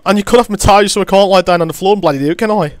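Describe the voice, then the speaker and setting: High-voiced man, frantic, swearing. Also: rapid-fire, dry recording. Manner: panicked, loud, heavy swearing, pleading. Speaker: gamer role-playing a captured nature presenter. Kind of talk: improvised role-play in an online game. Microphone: close headset mic, overdriven.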